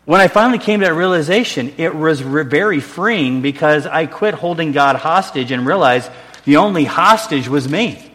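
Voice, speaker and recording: The speaker is a middle-aged male pastor whose fairly high, bright voice has lively intonation and a moderate pace. Addressing a church sanctuary with a long, echoing reverb, he preaches earnestly and conversationally, backtracking now and then and poking fun at himself.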